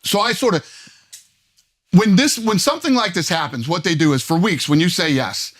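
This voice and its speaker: High bright voice, swearing guest. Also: male voice, moderate pace. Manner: animated storytelling, heavy swearing. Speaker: podcast guest. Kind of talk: casual chat.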